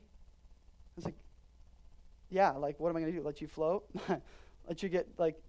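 A man's voice: fairly high pitch, fairly even intonation, measured pace. Impassioned male pastor preaching. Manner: impassioned, swings from loud emphatic declarations to quiet earnest asides. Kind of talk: sermon.

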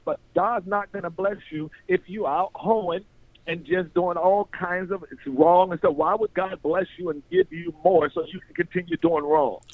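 A man's voice: high voice, animated, moderate pace, gravelly. A man from North Carolina telling his life story in casual talk, acting out voices in the stories, repeating words and laughing often. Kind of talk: animated storytelling chat. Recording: tinny phone-like radio sound.

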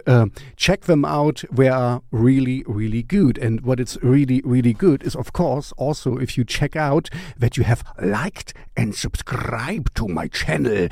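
Slow, gravelly-voiced man reviewing music. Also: mid-range voice, dark tone, no room sound, clean studio sound. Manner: rambling, self-mocking, joking asides. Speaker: music channel host. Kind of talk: casual music recommendation vlog.

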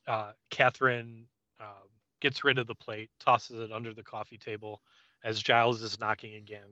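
A man's voice: fairly low pitch, little pitch movement, moderate pace, bright, forceful tone, no echo, highs cut off. A man casually recapping a TV episode scene by scene as a podcast co-host, with frequent ums. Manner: frequent "um"s, loose paraphrase of scenes.

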